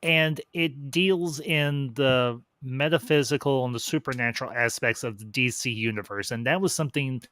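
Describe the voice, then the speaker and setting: A man's voice: mid-range voice, normal speed, hardly any pauses, a bit bright, no room sound. A man hosting a casual review chat, rambling and restarting as he recalls details. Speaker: host.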